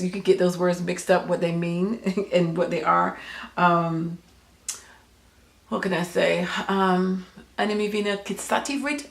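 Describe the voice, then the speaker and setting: Gravelly low-voiced woman, echoey room. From United States. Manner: rambling, hesitant, many ums and self-corrections. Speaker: craft channel host. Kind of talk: casual explanation to camera. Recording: echoey room with faint noise.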